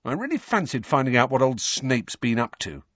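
Wry teenage twin as a man puts him on, husky, lively, audiobook. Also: mid-range voice, moderate pace, dry recording, muffled recording, voice pushed up. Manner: wry, smirking. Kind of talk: audiobook character voice.

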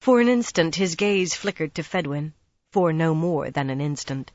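A narrator reading a fantasy novel aloud in a steady, measured way. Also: mid-range voice, no echo, dull audio. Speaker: audiobook narrator.

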